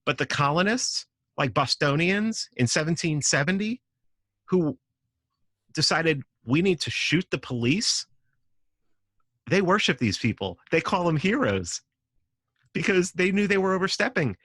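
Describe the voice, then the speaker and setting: A man's voice: on the high side, sharp tone, no echo. A man from New City, a podcast guest arguing his point in casual conversation, emphatic and profane. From New York City. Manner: emphatic, profane, acts out quoted voices.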